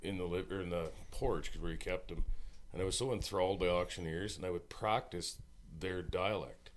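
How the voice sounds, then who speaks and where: Deep-voiced laid-back man telling stories. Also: normal speed. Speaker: musical guest. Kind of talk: casual chat.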